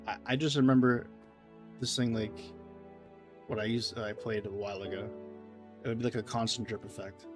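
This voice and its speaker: A man's voice: fairly low pitch, steady tone, moderate pace, long pauses. A man giving casual, rambling gameplay commentary as a streamer, self-deprecating and reading chat, over faint game music. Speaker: gaming streamer.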